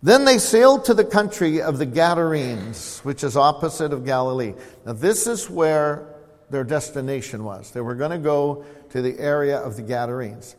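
A man's voice: animated, normal speed. Earnest man preaching in a reverberant hall. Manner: earnest, calls for congregation responses; swells louder reading scripture, drops low to explain. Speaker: pastor. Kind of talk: expository sermon.

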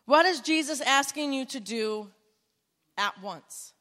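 Bright, high woman preaching in a hall. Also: animated, slow pace. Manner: emphatic, building to loud exclamations; conversational storytelling with self-talk asides. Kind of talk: sermon. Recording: long hall reverb.

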